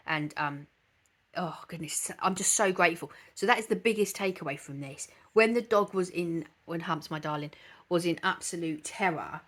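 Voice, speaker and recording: A woman's voice: lowish voice, fairly bright tone. A woman hosting a dog channel, talking earnestly and from the heart to her viewers, with frequent hesitations. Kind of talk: casual vlog talk to camera.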